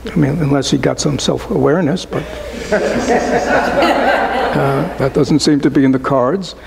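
A Buddhist teacher gives a relaxed, conversational dharma talk to a small group, often posing rhetorical questions and tacking on "right?". His voice is a little high, unhurried and gravelly, heard over a loud crowd on a rough recording.

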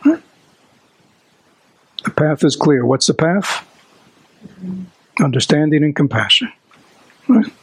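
Gravelly animated man giving a dharma talk. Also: fairly high pitch, slow pace, pauses often, dry recording, rough recording. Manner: animated, asks the audience rhetorical questions. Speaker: dharma teacher.

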